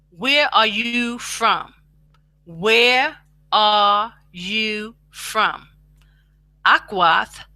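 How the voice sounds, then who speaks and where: A woman teaching a beginner language lesson, slowly repeating each phrase for practice, with chatty asides. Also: medium pitch, pushed and bright, dry recording.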